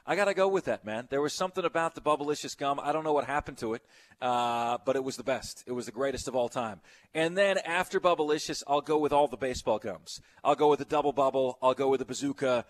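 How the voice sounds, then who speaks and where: A man's voice: mid-range voice, quick pace. A middle-aged man hosting sports radio, chatting loosely and reading out listener texts. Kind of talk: casual radio chat.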